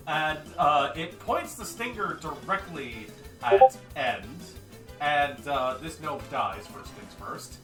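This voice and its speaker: Casual male game master, slightly high voice, distant mic with music behind. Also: expressive, slow pace, fairly bright tone, echoey room. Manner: casual, laid-back, swears freely. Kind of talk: narrating a tabletop game.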